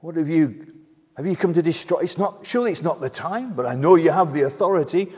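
A man voicing a frightened male demon that cries out loudly in startled, trembling fear. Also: on the high side, a little fast, husky, pitched above the performer's own voice. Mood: fearful astonished. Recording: long church reverb.

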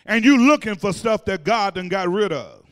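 Speaking in a strikingly high voice, a male pastor leads his congregation through call-and-response, sometimes shouting and sometimes half-singing. He's animated and speaks at a normal pace, with soft music behind him and the long reverb of a church sanctuary around him.

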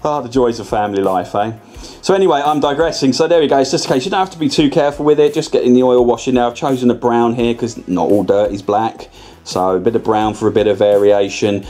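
A fast-talking man with a mid-range, slightly mellow voice walks through a scale-model tutorial. He's casual and talkative, wandering off track and repeatedly starting over to correct himself.

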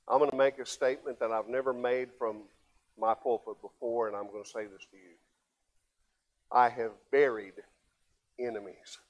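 An older man, a pastor, preaching a sermon, swinging from loud emphatic passages to low quiet asides. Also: fairly even intonation, moderate pace, pauses often.

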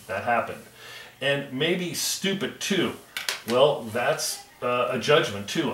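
A man's voice: medium pitch, animated, a little slow, roomy sound, distant mic, noisy background. Man teaching a reading lesson. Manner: reads aloud, then explains patiently.

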